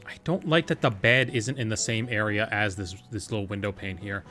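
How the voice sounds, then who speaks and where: A man's voice: fairly low pitch, steady tone, a little fast, sharp tone, faint music behind. A man casually commenting on his gameplay, thinking aloud in a chatty, playful way and answering his chat. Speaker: game streamer.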